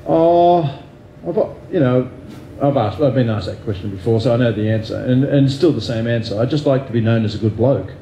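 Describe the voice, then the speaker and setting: An Australian man with a gravelly, mellow voice talks candidly in an interview, musing and poking fun at himself. He often restarts his sentences and fills pauses with "uh" and "you know." The room around him sounds echoey. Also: medium pitch, a little hiss or hum. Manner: reflective, self-deprecating, many fillers and restarts. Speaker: guest neurosurgeon.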